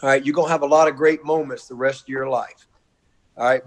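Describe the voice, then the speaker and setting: Effusive coach on a video call. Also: male voice, medium pitch, steady tone, fast talker. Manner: warm, effusive, repetitive, folksy. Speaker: college football coach. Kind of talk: heartfelt video-call tribute.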